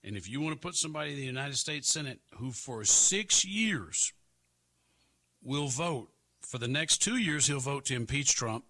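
Sarcastic male talk host with a bright, gravelly voice and an emphatic, repetitive delivery. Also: fairly high pitch. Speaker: political talk show host. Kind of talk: opinionated political commentary.

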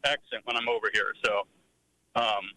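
A man's voice: on the low side, flat delivery, moderate pace, sharp tone, dry recording, poor audio. A man from Pennsylvania calling in to a radio show, chatty and teasing. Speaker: caller. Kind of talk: phone call to radio show.

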